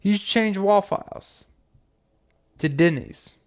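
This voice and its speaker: A man's voice: sits high, slow, pitched above the performer's own voice. A man doing a pushy, fed-up young woman. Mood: exasperated. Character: annoyed young woman being hit on.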